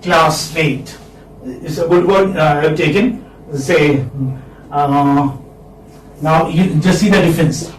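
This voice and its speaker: A man with an Indian accent teaching a phonetics class, repeating each word slowly and checking in with a questioning "hmm?". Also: high voice. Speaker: English literature lecturer. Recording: echoey room, distant mic, faint hiss.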